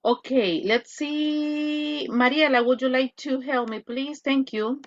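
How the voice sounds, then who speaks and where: A woman's voice: sits high, steady tone, moderate pace, highs cut off. Woman teacher making casual classroom asides. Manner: chatty asides, switching into Spanish. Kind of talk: classroom commentary.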